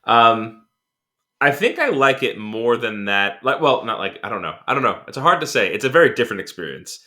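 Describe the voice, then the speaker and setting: A podcast co-host chats casually, rambling with lots of fillers and restarts and laughing as he retells film scenes. His medium-pitched voice is sing-song, brisk, pushed, and bright.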